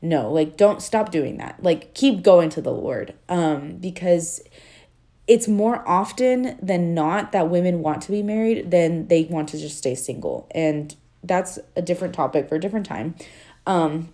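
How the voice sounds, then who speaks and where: Woman podcast host, low and warm voice, earnest chatty delivery with many fillers. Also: a little slow. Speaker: podcast host and life coach. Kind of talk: casual faith-based podcast talk.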